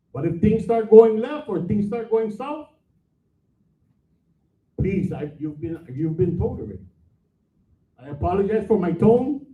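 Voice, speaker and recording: A frustrated division manager speaks with a high voice. He talks bluntly and insistently during public comment. He sounds far from the microphone, in an echoey hall, over a thin, phone-like line. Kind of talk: public comment at a board meeting. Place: meeting hall. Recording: echoey room, far from mic, tinny.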